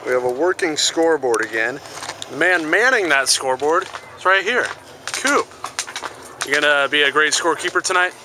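A man's voice: on the high side, animated. Upbeat man vlogging at a ballfield. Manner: upbeat, asks teammates quick questions. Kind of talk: casual vlog chat. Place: outdoors at a softball field. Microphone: handheld camera. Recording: noisy outdoor camera audio.

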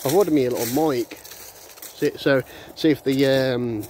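Holding his phone while walking a dog in the countryside, a vlogger delivers a blunt, meandering rant full of restarts and chuckles. His voice is medium-pitched, darkish and a little slow, with slight hiss or hum in the recording.

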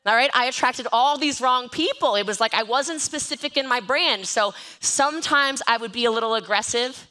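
A woman giving an energetic, joking motivational talk on network marketing from an event stage, often mocking herself. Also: a little high, normal speed, few pauses. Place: event stage with live and online audience.

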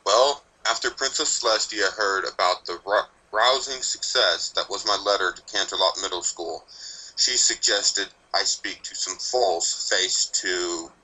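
Snippy old grim reaper dude, a guy reading it, low voice but really bright edge, deadpan and blunt. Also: unhurried, exaggerated voice, poor audio. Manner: blunt, snappish, dryly sardonic. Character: grumpy ancient male Grim Reaper pony.

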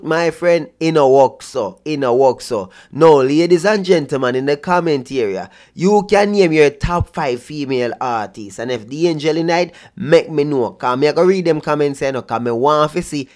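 A man's voice: on the high side, a little mellow. A man with a Jamaican accent, giving casual reaction commentary in an exasperated, mocking way. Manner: exasperated, mocking, patois-heavy. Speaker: vlogger reacting to clips.

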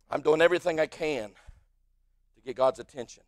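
A male pastor with an American accent preaching a sermon in a church, swinging from quiet asides to shouted peaks. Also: fairly high pitch, moderate pace, no room sound. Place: church sanctuary.

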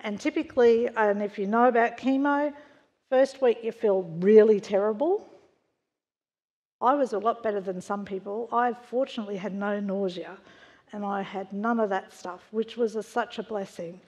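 A woman's voice: mid-range voice, fairly even intonation, moderate pace. A woman, giving a frank, conversational personal testimony to a church congregation, with wry understatement. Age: 60s. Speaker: church member sharing a testimony. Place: church hall before a congregation. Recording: long reverb of a church hall.

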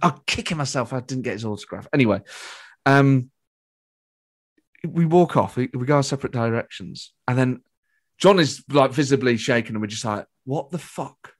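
A man's voice: mid-range voice, moderate pace, long pauses. A man from Britain, a comedian guest telling an anecdote in a casual chat, acting out quotes and swearing freely. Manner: lively anecdote teller who acts out quotes, swears freely. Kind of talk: animated storytelling in casual chat.

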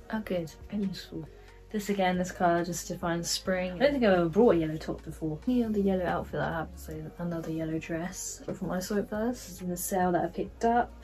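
A woman's voice: fairly low pitch, mellow, poor audio. A young woman chatting casually through a clothing try-on haul vlog, with lots of fillers. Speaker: fashion vlogger.

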